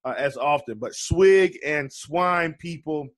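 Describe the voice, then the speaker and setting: A man's voice: on the high side, takes it slowly. Chatty man on a sports podcast. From lives in Charleston area. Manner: conversational, hesitant fillers and restarts. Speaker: fantasy basketball podcast co-host. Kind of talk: casual podcast chat.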